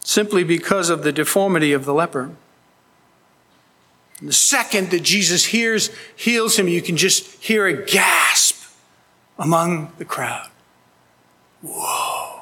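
A man's voice: high-pitched, a little slow, sharp tone, slightly rough. A man preaching a sermon as pastor, earnest and emphatic, pleading with his listeners. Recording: long hall reverb.

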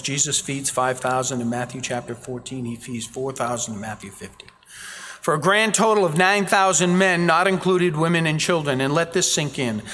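Animated preacher in a reverberant hall. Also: male voice, a little high. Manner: animated storytelling, acting out quoted voices. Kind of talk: sermon.

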